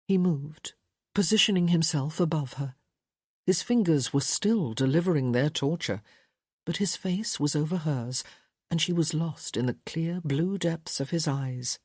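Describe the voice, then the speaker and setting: Slow, breathy woman narrating romance. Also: deep voice, dry recording, studio quality. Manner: slow, soft, intimate reading. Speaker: audiobook narrator. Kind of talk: scripted romance audiobook narration.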